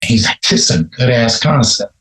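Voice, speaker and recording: A man's voice: medium pitch, lively intonation, brisk, a bit bright, reverberant, poor audio. A man from Chicago, a rapper, telling stories in a casual, profane podcast interview. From Chicago, USA. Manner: laid-back, profane, storytelling. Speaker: rapper guest.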